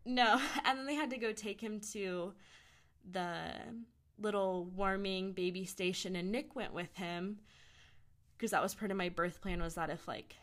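A young woman speaks as a podcast guest, telling her story in a loose, chatty way. Her pitch sits in the middle, and she drops "like" into most sentences and acts out what others said. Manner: chatty, heavy use of "like", quotes others in lively voices. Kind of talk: casual storytelling.

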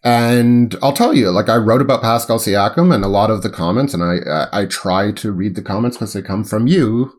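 A man's voice: lowish voice, lively intonation, fairly quick, few pauses. A man co-hosting a sports podcast in casual chat, thinking aloud with frequent fillers and restarts.

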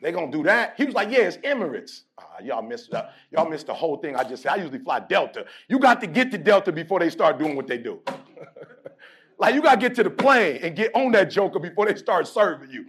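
High-voiced man giving a fiery pep talk. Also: big pitch swings, fast. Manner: rhythmic and emphatic, call-and-response, building to shouts; storytelling and playful, acting out conversations. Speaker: motivational speaker addressing a college sports team.

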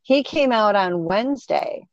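A woman's voice: a little high, a little slow, no room sound. Middle-aged woman, casual storyteller, acts out quotes, muffled close sound. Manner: animated, acts out quoted voices. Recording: dull, dry sound.

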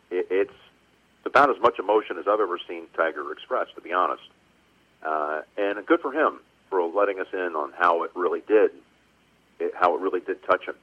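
A man's voice: sits low, breathy edge. A man, a sportscaster guest, reflecting at length on a radio show, speaking over a phone line. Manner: warm reflective storytelling with frequent pauses. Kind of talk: casual radio interview. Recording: tinny phone line with music.

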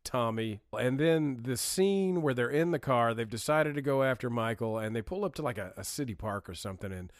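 A man co-hosting a podcast in casual chat, enthusiastic and quick to laugh. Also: mid-range voice, lively intonation, no echo, studio quality. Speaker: podcast co-host.

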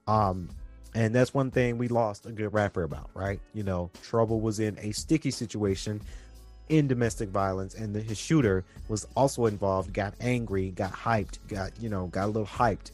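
A man's voice: on the low side, darkish tone. A young man earnestly giving relationship advice to his viewers in a casual, preachy monologue, repeating himself often.

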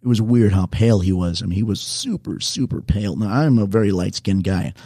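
Deep husky man telling rambling stories. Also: a little fast, mellow, no echo, studio quality. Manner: rambling, self-correcting anecdotes. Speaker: bartender. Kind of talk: casual storytelling to viewers.

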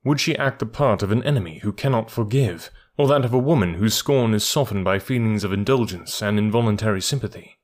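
A man reading a first-person story aloud in a measured, even narration. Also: on the low side. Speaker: audiobook reader.

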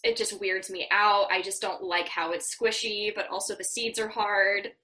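A woman in her twenties co-hosts a podcast, chatting candidly and joking at her own expense. Her voice is bright and sharp, at an ordinary pitch. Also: fairly even intonation, moderate pace, rough recording. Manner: candid and self-deprecating. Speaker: podcast co-host. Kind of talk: casual chat.

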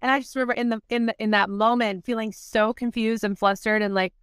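A woman's voice: a little high, steady tone, quick pace, smooth, dry recording, studio quality. A woman guest on a podcast, candidly telling her story in conversation, often saying "like" and acting out what people said. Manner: candid, fills speech with "like", acts out past quotes.

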